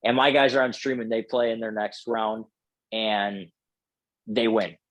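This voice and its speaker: A man's voice: lowish voice, fairly even intonation, a little slow, no room sound, low-quality recording. A man telling a casual, profane story full of filler words as a podcast guest.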